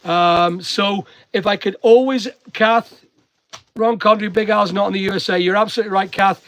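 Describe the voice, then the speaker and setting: Man, mixed English and Northern Irish accent, high-pitched, rambling motivational chat, casual live-stream vlog. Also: steady tone, normal speed, a bit bright. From Northern Ireland. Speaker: online seller and vlogger.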